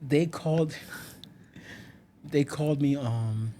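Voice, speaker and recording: A man's voice: fairly high pitch, takes it slowly, slight background noise. A young man from Miami, a podcast guest in casual chat, telling stories and laughing often. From Miami, United States. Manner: laughs often, animated storytelling.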